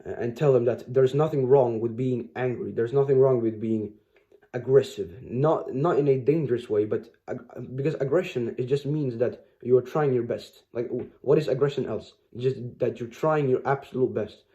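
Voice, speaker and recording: A man's voice: medium pitch, moderate pace, dark tone, highs cut off. A man giving a rambling, profane motivational monologue to camera, with many restarts and fillers. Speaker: motivational vlogger.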